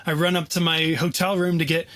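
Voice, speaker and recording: A man's voice: a little high, fairly quick, dry recording. Chatty man with a dry close sound. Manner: animated, leans on "like" and "you know". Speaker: podcast guest, photographer. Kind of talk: casual storytelling interview.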